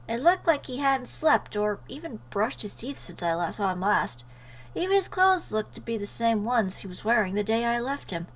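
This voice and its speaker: On a rough recording, a woman of medium pitch reads a visual novel aloud as a let's player. She reads earnestly and breaks off now and then to react emotionally.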